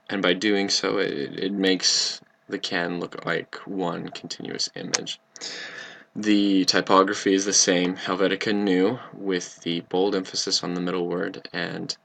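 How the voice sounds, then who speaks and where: A young male student walks through a recorded class presentation in a deep voice with a gravelly edge. He sounds earnest and explanatory. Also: pushed and bright, a little hiss or hum. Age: young adult.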